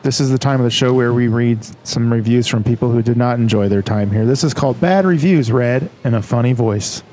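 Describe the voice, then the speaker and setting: A man's voice: medium pitch, fairly quick, a little mellow, a little hiss or hum. A man co-hosting a food show who rates tacos in casual, upbeat, jokey chat.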